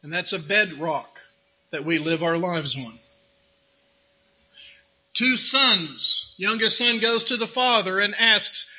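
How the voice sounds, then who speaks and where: High-voiced preacher with a folksy, joking tone. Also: male voice, slow, pauses often, sharp tone, poor audio. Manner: conversational, with rhetorical questions and humorous asides. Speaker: pastor. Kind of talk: sermon.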